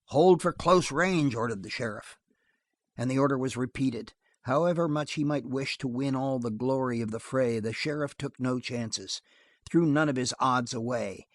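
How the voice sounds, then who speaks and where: A man reading a western novel aloud as an audiobook narrator, steady and measured. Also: medium pitch, no echo.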